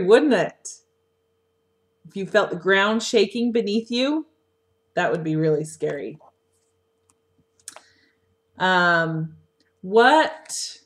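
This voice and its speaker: A woman teacher talking a young class through a story lesson, asking gentle questions, recorded on a webcam microphone. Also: mid-range voice. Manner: slow, coaxing questions to children. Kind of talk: read-aloud lesson for young children.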